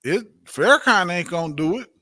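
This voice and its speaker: A man leads a religious class in a preaching style, driving his points home by repeating them and tossing out rhetorical questions. His voice sits high and rings bright and forceful. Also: animated, normal speed.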